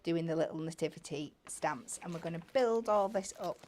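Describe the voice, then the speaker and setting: A woman's voice: lowish voice, brisk, very noisy. A woman demonstrating a card-making craft step by step in a chatty way. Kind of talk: hands-on crafting demo. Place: TV craft studio.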